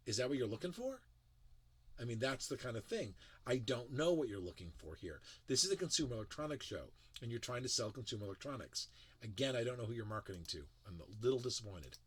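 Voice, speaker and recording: Animated, bright-voiced male tech reviewer. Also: medium pitch, brisk, slightly rough. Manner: animated, emphatic, sarcastic, frequent restarts. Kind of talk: casual critical commentary.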